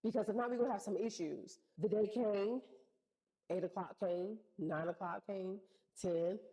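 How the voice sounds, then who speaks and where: Mellow-voiced woman telling a story. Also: mid-range voice, moderate pace, poor audio. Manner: animated, slangy retelling with acted-out quotes. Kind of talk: casual storytime chat.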